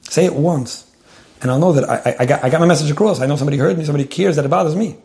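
A man's voice: on the high side, very fast, darkish tone. A man giving earnest, conversational marriage advice to a couple.

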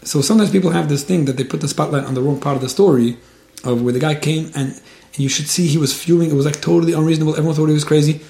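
A man's voice: fairly high pitch, racing, creaky, mellow. A man giving religious advice in a casual talk, earnest, often stammering and restarting his words. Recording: roomy echo.

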